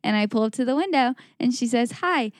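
A woman's voice: on the high side, expressive, a little fast, background noise. A woman co-hosting a podcast, chatting casually and telling stories, acting out her own thoughts as she goes. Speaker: podcast co-host. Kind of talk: casual chat, storytelling.

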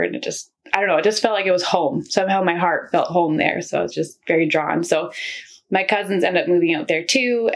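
A young woman tells her personal faith story in an earnest, rambling way, leaning on lots of fillers. Her voice sits fairly low and has a gravelly, husky edge. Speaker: guest sharing testimony. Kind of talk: casual personal testimony.

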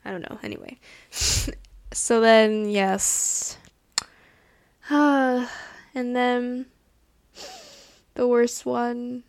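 Young woman, high-pitched, dry close sound, emotional rambling chat. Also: steady tone, extremely slow, pauses often, no room sound. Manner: gushing, emotional, rambling with many restarts. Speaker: podcast host. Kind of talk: casual chat.

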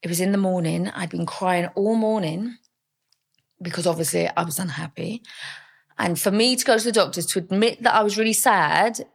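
A young woman, a mother, appears as a podcast guest telling stories candidly, speaking frankly and chattily with lots of fillers. Her voice is lowish and husky with vocal fry, at a moderate pace.

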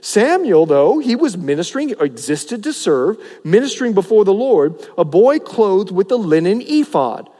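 Brief: lively male pastor, high voice, preaching with big swings, long church reverb. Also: normal speed, hardly any pauses. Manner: animated, acts out the people he preaches about, voice rising and dropping. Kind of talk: sermon. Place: church sanctuary.

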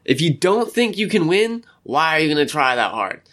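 A man's voice: fairly high pitch, sing-song, moderate pace, fairly bright tone. A young man in casual, rambling vlog chat, talking from a room by a window and acting out little quotes. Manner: rambling, chatty, acts out quotes. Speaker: vlogger.

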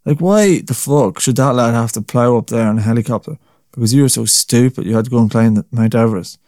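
A young man hosts his own podcast, chatting loosely and rambling from one thought to the next. He swears casually and chuckles at himself. His voice sits in an ordinary middle pitch, recorded close and dry. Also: quick pace, darkish tone, no room sound. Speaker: podcast host. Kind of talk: casual solo podcast chat.

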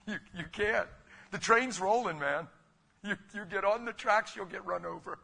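A middle-aged man preaching a sermon, swinging from hushed asides up to emphatic, shouted peaks. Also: sits high, normal speed, gravelly.

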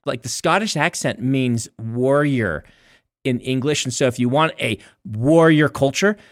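A chatty male author co-hosting a podcast, explaining things with quick asides. His voice sits at an ordinary middle pitch. It comes through a close mic, dry and without room echo. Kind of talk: casual chat.

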